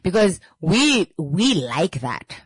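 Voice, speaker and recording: Low-voiced woman, dry and animated. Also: slow, slightly rough, dry recording. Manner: animated, repeats and restarts, laughs readily. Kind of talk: casual monologue.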